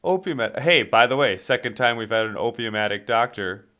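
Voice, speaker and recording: A man's voice: mid-range voice, animated, a little fast, pushed and bright. A man co-hosting a podcast in casual movie talk, rambling with many fillers and restarts as he asks questions. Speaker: podcast co-host.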